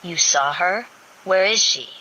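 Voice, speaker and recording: A woman's voice: on the low side, lively intonation, a little slow, pushed and bright, dull audio, a little hiss or hum. A woman voicing a tense, lovesick billionaire man who sounds strained and urgent.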